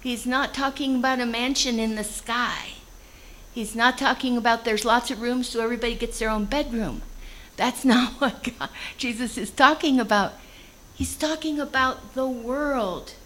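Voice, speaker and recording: A woman's voice: a little high, moderate pace, fairly bright tone, rough recording. A woman preaching a conversational sermon, reading scripture and explaining it in plain everyday language.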